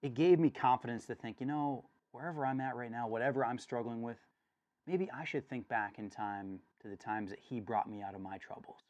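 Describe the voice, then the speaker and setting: This is a man giving an earnest devotional talk with a mid-range voice. He speaks with many restarts, and he presses harder and louder when he reads out scripture. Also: mid-range voice, fairly quick. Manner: earnest, rising intensity when reading. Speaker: church study leader.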